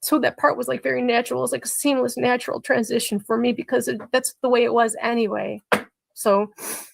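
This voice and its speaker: A woman's voice: on the high side, little pitch movement, fairly quick, vocal fry, dry recording. A middle-aged woman, a mother being interviewed on a casual livestream over a video call, rambling with many filler words. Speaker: mother of a teenager, interview guest.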